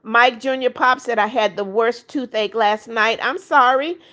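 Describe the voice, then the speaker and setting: A woman with a slightly high voice runs a casual livestream. She reads out viewer comments one after another in a brisk, chatty way. She greets newcomers twice over and keeps asking for likes and subscriptions. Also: fairly bright tone. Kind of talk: casual live chat.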